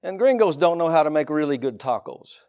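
A man with a Southern US accent preaching a sermon in a folksy, animated way, with laughs and asides. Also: on the high side, a little fast. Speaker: pastor.

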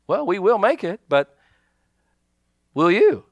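A man pastor preaching a sermon, animated, calling out to his congregation and acting out little asides. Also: sits high, slow, no echo.

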